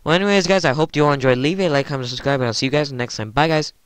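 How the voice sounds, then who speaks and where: Man, gaming host, excitable and stumbling over words, smooth voice. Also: a little high, rapid-fire, dry recording. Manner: giddy, stammering, keeps addressing viewers as guys. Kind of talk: excited gameplay commentary.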